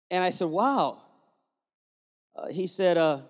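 A man's voice: high voice, lively intonation, moderate pace, long pauses, a little mellow, in a large hall. A man who is a pastor telling a story in a sermon, acting out the dialogue as he goes.

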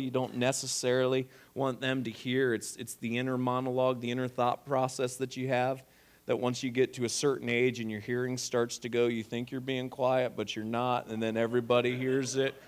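A man preaching a sermon, swinging between quiet, intimate lines and loud, emphatic ones. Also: mid-range voice, flat delivery, fairly quick. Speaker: pastor.

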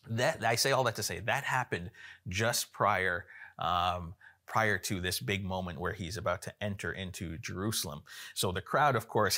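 A man giving an informal sermon with a somewhat low voice. He talks in an easygoing, conversational way, with frequent fillers and false starts as he explains a passage. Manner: relaxed, informal, many fillers and restarts. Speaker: preacher.

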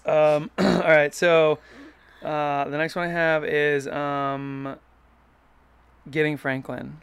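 Smooth clear voice, rambly podcast co-host, lots of ums, teasing their partner. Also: medium pitch, level tone, takes it slowly, dry recording. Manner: rambling with many fillers, playful. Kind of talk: casual chat, reminiscing with partner.

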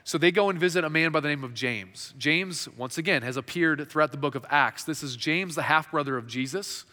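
Preaching in a reverberant hall, a man speaks briskly in a fairly high, pushed, bright voice. His sermon is conversational, with fillers and frequent restarts of his sentences.

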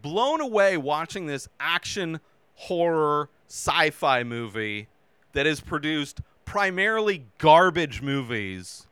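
A man hosting a casual movie review show, talking animatedly and acting out his own reactions with sudden shouts. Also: on the high side, sing-song, takes it slowly, clear, resonant tone, no room sound.

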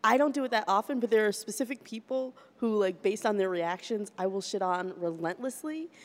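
A woman's voice: mid-range voice, lively intonation, brisk, in a large hall. A woman hosting a podcast and comedy chat, telling stories with dry, sarcastic humor. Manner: wry, sarcastic storytelling. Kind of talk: casual chat.

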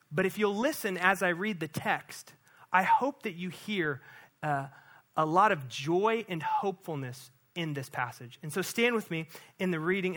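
Preaching in a slightly high, sharp-toned voice, the pastor talks to his listeners as if in conversation, dropping in frequent "right?" check-ins.

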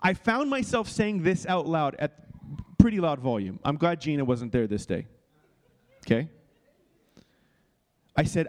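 A man preaches through a personal story in an earnest, confessional way. His voice sits a touch higher than most men's. He keeps restarting phrases and stopping to check that his listeners follow. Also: sing-song, normal speed, long pauses, darkish tone. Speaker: pastor. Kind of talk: sermon-style teaching with personal story.

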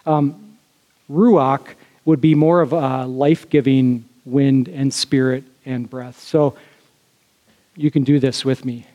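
A man's voice: mid-range voice, steady tone, slow pace, muffled recording. A man preaching a sermon as a pastor, talking in a loose, conversational way full of fillers and questions to the congregation. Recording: long hall reverb.

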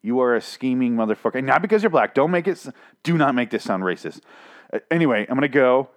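A man voicing a blunt, threatening male leader with low, hushed threats. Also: lively intonation, quick pace, lightly acted.

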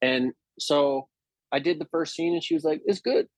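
A male actor telling stories in a casual interview, animated and often restarting his sentences. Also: fairly high pitch, moderate pace, dry recording. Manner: anecdotal, animated, with frequent restarts.

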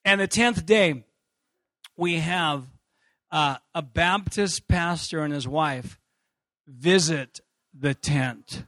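A male pastor tells a personal story from the pulpit with a high, bright voice. He takes his time over the words, then breaks into laughter and shouts. The sound is close and dry. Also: takes it slowly, pauses often, dry recording. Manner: animated, laughing, bursts into shouts. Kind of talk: sermon storytelling.

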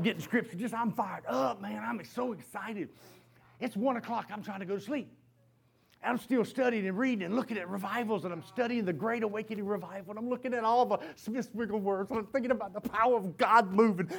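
This pastor has a notably high voice and preaches his sermon as a lively story, often laughing mid-sentence as he addresses the congregation. His delivery is fast, creaky, and husky.

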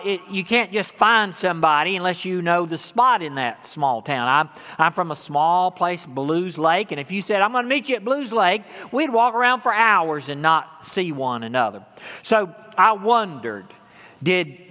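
Bright-voiced preacher in a reverberant hall. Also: male voice, on the high side. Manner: conversational, warm-humored preaching with call-and-response. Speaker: pastor. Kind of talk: sermon.

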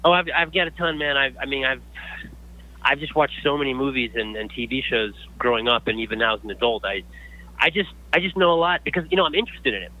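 A man, a guest actor, telling stories in a casual interview, lively and full of restarts. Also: medium pitch, fast, phone-quality sound. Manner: animated storyteller with many restarts.

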